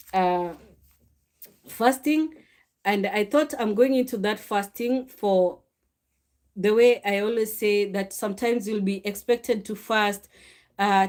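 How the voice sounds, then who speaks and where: Brief: middle-aged woman, mother sharing faith testimony, animated and confessional. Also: medium pitch, measured pace. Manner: animated, confessional, acts out quoted dialogue. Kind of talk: personal faith talk, storytelling.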